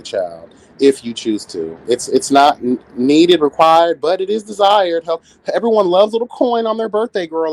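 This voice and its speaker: A man in his late thirties hosting a livestream, chatting with viewers in a sassy, campy, animated way. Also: mid-range voice. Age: 30s. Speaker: livestream host. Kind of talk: casual chat with viewers.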